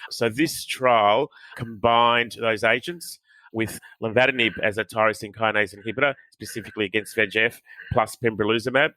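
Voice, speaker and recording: A man's voice: on the low side, fairly even intonation, normal speed, pushed and bright, no echo, low-quality recording. A man, an oncologist, explaining trial data in a matter-of-fact way in a roundtable discussion.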